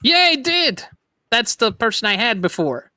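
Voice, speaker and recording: A man's voice: extremely high pitch, sing-song, normal speed, sharp tone, no echo, clean studio sound. A young man hosting a casual streamed chat, laughing often and talking playfully. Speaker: VTuber streamer host.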